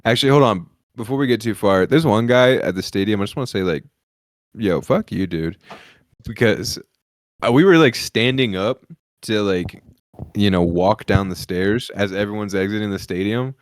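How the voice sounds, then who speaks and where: A man's voice: on the low side, normal speed, no echo, studio quality. A man hosting a comedy podcast, telling crude, profane stories in casual chat and laughing often as he talks.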